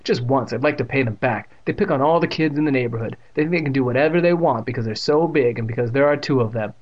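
A man's voice: mid-range voice, fast, a little hiss or hum, lightly acted. A man reading aloud and voicing a scrappy, fiery young girl in a raised, heated voice, on a dull lo-fi recording. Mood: indignant.

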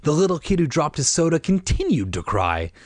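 A man's voice: on the high side, big pitch swings, a little fast, dry recording. A man reading a children's book aloud, tossing in wry asides. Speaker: reader.

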